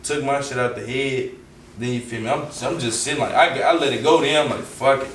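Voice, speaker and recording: A young man with a Southern US accent, telling a story casually as an interview guest, animated and full of slang, acting out the quotes. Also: mid-range voice, fairly quick, recorded from a distance. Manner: animated, acts out quotes, heavy slang and profanity. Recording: roomy echo, off-mic, faint background noise.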